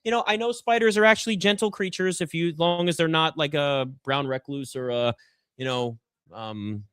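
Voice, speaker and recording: A man's voice: a little high, normal speed, a bit bright, smooth, no room sound. A man hosting a live basketball draft show from a garage set, chatting casually and rambling with self-deprecating asides. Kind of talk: casual live sports chat.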